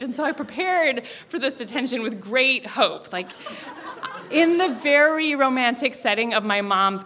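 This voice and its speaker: A woman's voice: fairly high pitch, bright, forceful tone, slight background noise. A young woman telling a funny personal story to a live audience, self-mocking and laughing often.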